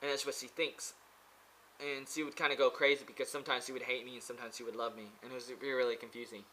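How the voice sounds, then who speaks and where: A man's voice: mid-range voice, little pitch movement, quick pace, bright, forceful tone, slight background noise, rough recording. A man vlogging from a pagoda in a rambling, casual monologue. He hesitates often, with many fillers and restarts.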